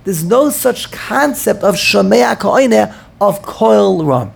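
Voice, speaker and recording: A man with a gravelly, husky voice delivering a Talmudic lecture. He thinks out loud, circles back and repeats words as he builds his argument, and peppers his English with Hebrew terms. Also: high voice, lively intonation, slow. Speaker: rabbi teaching a class.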